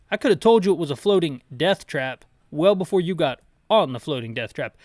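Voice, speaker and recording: A man's voice: a little high, fast talker, hardly any pauses, no echo. Chatty man describing a game, dry sound. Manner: chatty, jokey asides, frequent restarts. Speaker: channel host describing a game. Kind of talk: audio description and commentary.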